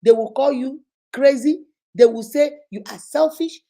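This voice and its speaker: A Nigerian woman hosting a casual vlog, telling lively stories and acting out other people's voices. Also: high-pitched, unhurried. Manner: lively storytelling, acts out other voices, exclaims. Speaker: online influencer host.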